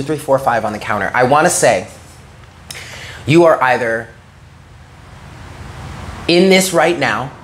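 Slight background noise accompanies this man's medium-pitched, somewhat bright voice as he reads tarot. He speaks to the listener with earnest encouragement, often asking "okay?"

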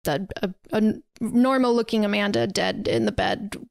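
A young woman with a medium-pitched, slightly mellow voice and vocal fry retells a horror film at normal speed on her podcast. It's a casual, chatty recap, heavy on "like" and sprinkled with laughs.

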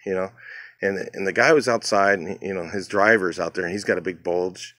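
A man's voice: low voice, steady tone, fairly quick, fairly bright tone, no room sound, studio quality. A man casually telling a rambling story from his old job, full of fillers, acting out what others said. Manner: rambling, many fillers, acts out other people's lines. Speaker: channel host.

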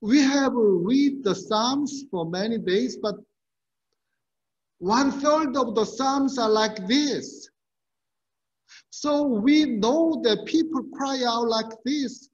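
Slow, high-voiced man preaching. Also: dull audio. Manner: earnest, measured preaching with rhetorical questions. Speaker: pastor. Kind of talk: sermon. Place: church sanctuary.

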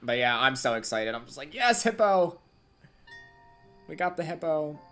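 A woman streaming a game live, chatting with viewers in excitable gamer slang. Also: a bass voice, fairly quick, faint music behind. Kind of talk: live gameplay streaming chat.

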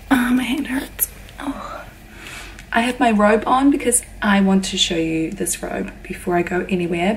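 A woman's voice: mid-range voice, a little hiss or hum. A young woman vlogging from her hotel room, chatting in a bubbly, gushing way to a handheld camera. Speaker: travel vlogger. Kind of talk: casual vlog chat.

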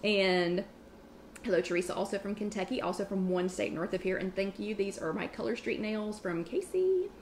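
A Southern woman hosts a casual live-stream chat from home, rattling on fast and friendly. She rambles and jumps between asides, heard through a webcam mic. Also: medium pitch, lively intonation, slight background noise. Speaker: host of a live online chat.

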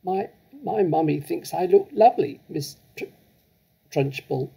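A man's voice: a little high, expressive, a little slow, gravelly, mellow, breathy edge, voice pushed up, exaggerated voice. A man reading aloud, voicing a terrified ten-year-old girl who stutters. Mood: frightened.

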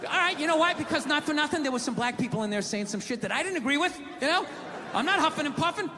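A male stand-up with an extremely high-pitched voice delivers exasperated stories at a fast, very animated clip, ranting and swearing throughout. He's performing live at a large comedy venue, where the recording is noisy and the crowd laughs.

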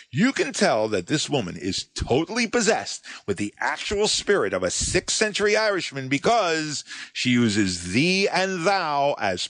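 A man's voice: a little high, a bit bright, no room sound. Sarcastic guy telling a story on his show, voice jumps around a lot, dry mic. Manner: sardonic, mocking storyteller. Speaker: podcast host. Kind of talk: scripted monologue.

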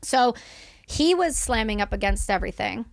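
A young woman speaking as a podcast guest, telling a candid story in animated, fast bursts and swearing freely. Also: on the high side, gravelly, dry recording, studio quality.

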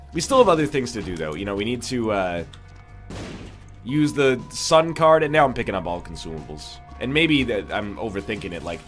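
Congested, animated gamer man. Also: lowish voice. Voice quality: nasal, congested. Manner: rambling, jokey, tangent-prone. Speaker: gaming YouTuber. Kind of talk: let's play commentary.

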